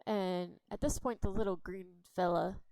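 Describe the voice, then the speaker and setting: A woman narrating a fantasy role-play story in an unhurried, rambling way with fillers. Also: medium pitch, steady tone, mellow, no echo, poor audio.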